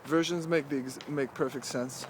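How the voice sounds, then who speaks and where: A man's voice: mid-range voice, steady tone, noisy background. Rambling young man vlogging while walking. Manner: rambling, halting, full of "like". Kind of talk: casual walking vlog monologue. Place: outdoors, walking through a cemetery.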